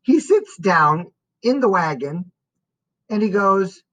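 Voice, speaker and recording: A woman narrates a first-person story as an audiobook, reading slowly and expressively. Her voice is mid-range, and the recording is rough.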